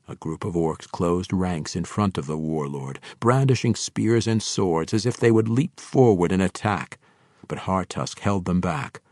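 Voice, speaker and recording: A male audiobook narrator reads a fantasy novel in a steady, measured manner with a very low voice. The recording is dry and close, with no room sound at all.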